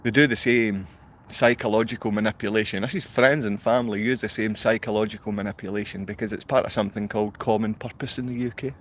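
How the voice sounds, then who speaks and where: A man's voice: lowish voice, fairly even intonation, fast. A Scottish man ranting in a rambling monologue to a live online audience. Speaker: livestreamer.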